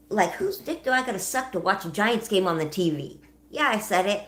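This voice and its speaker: A woman's voice: mid-range voice, expressive, brisk, fairly bright tone. A young woman hosting a livestream, chatting casually, laughing often and answering her chat as she goes. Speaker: livestream host.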